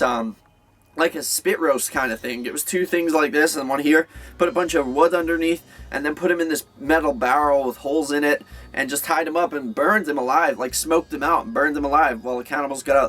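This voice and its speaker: A man's voice: fairly high pitch, a little fast, fairly bright tone. A young man giving a casual, rambling movie review, full of fillers and restarts.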